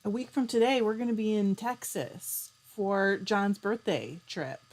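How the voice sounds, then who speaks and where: A woman hosting a casual live stream. She reads out viewers' comments, chats back to them and keeps clearing her throat. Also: medium pitch, expressive, a little slow. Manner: chatty, reads out comments and answers them warmly. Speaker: livestream host.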